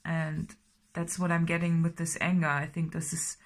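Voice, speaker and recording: Low-voiced woman giving a rambling tarot reading. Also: monotone, moderate pace. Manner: rambling, many fillers, slips into soft whispers. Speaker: tarot reader.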